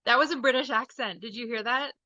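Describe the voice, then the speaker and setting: A woman's voice: on the high side, fast talker, bright, forceful tone, no room sound, muffled recording. A woman hosting a live-stream seance, hesitant at times and repeating aloud what she says she hears. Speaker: host leading a live seance.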